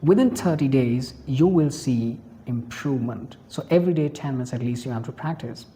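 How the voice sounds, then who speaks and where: An English teacher from India with an Indian accent giving a pronunciation lesson, explaining points patiently, repeating them and spelling out examples slowly. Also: medium pitch, dark tone.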